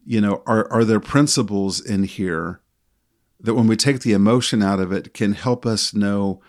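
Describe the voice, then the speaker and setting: A middle-aged man co-hosting a podcast, telling a story from his work as a sports official in a calm, measured way. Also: fairly low pitch.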